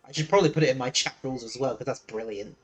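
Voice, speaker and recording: A man's voice: mid-range voice, rapid-fire. A man streaming a game live, chatting casually and airing opinions. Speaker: streamer host.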